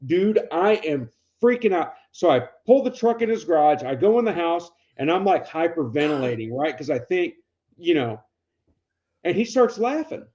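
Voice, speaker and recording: A man's voice: a little high, big pitch swings, moderate pace, a little mellow, dull audio. A man co-hosting a podcast who tells casual, profane stories and acts out the dialogue. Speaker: podcast co-host. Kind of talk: casual storytelling chat.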